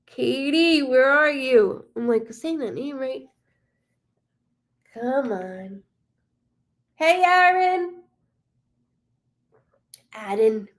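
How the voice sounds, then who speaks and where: A woman's voice: high-pitched, lively intonation, very slow, pauses often. A woman hosting a live stream as a psychic medium, chatting casually, greeting viewers by name and swearing freely.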